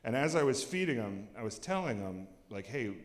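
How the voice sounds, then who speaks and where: A man in his forties tells a candid personal story on stage, halting and often dropping quiet. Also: mid-range voice, very animated. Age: 40s. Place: cultural center hall. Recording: echoey hall with long reverb.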